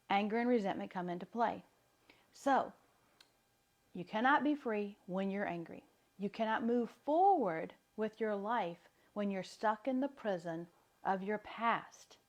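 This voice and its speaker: A woman with a light Southern accent, giving a chatty, upbeat live talk as a wellness coach. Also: medium pitch. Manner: chatty, upbeat, laughs often.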